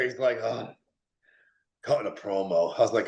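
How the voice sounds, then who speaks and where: A New England man appears as a podcast guest, chatting casually interview-style and rambling with heavy use of "like" and "dude." His medium-pitched voice has lively intonation, vocal fry and a normal speed. The room is echoey.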